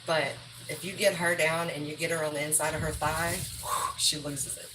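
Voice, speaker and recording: A woman's voice: deep voice, flat delivery, moderate pace, background noise. A woman chatting bluntly and profanely on a livestream while putting groceries away in her kitchen. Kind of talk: casual livestream chat. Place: home kitchen.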